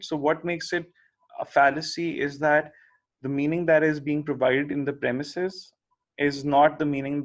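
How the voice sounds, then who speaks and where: A man's voice: a little high, muffled recording. Man giving a recorded logic lecture. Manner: explanatory, checks in with "okay?" and "right?".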